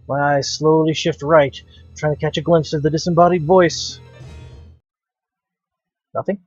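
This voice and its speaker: A man's voice: a little high, husky, dry recording, lo-fi sound. A man hosting a let's play, reading a visual novel aloud with dramatic, wry narration.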